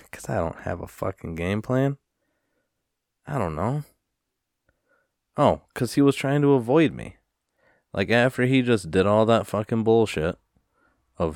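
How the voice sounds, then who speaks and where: A man with a very low, deep voice tells a story as a podcast host. His talk is casual and rambling, full of swearing and animated retellings, and the sound is close and dry. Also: measured pace, creaky, pauses often, no room sound.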